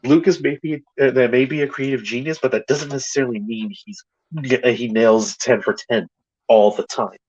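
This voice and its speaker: A man co-hosting a casual review chat, rambling and excitable, often restarting his sentences and swearing. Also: medium pitch, moderate pace, dull audio. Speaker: podcast co-host.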